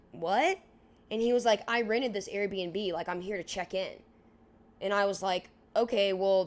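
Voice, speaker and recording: A young woman in her twenties co-hosting a podcast, telling a story in a casual, animated way, filling it with "like" and acting out what people said. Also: mid-range voice. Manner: animated, heavy use of "like", acts out dialogue. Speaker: podcast co-host.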